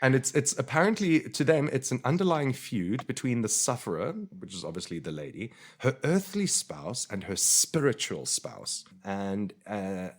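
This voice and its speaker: A man's voice: mid-range voice, normal speed, few pauses. A man co-hosting a podcast, chatting casually and joking with frequent laughs. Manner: animated, joking, laughs often. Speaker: podcast co-host.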